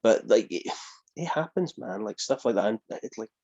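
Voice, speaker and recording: A man, a wrestling guest, telling lively stories in a casual interview and acting out the people he quotes. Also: on the low side, moderate pace, highs cut off.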